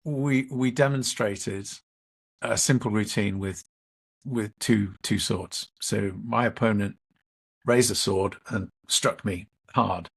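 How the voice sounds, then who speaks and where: A middle-aged man, a leadership coach and interview guest, telling a workshop story in a measured way and acting out the dialogue. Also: fairly low pitch, vocal fry, slightly rough.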